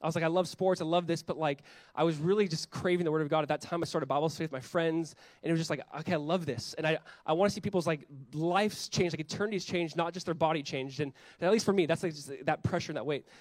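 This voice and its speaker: A young adult male pastor delivers a sermon at a quick clip, his voice sitting a little higher than most men's. He talks conversationally and slips into quoted voices as he preaches. The sound is dry and close, with little room echo.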